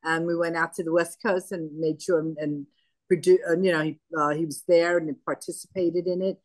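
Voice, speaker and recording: A woman's voice: fairly low pitch, steady tone, normal speed, darkish tone, no echo. An older woman as an interview guest, retelling past events in a conversational, anecdotal way and acting out the dialogue. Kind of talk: conversational storytelling.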